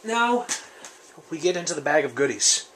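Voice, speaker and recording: A man's voice: on the high side, big pitch swings, moderate pace, a bit bright, a little hiss or hum. A man casually reviewing his survival gear on camera, rambling and joking in an off-the-cuff way. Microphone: camera mic, speaker off-frame.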